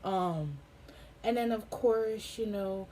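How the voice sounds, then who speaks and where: A young woman giving a casual personal update, halting with many ums and getting emotional. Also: medium pitch, mellow, a little hiss or hum, rough recording. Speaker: vlogger. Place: home in a hot desert town.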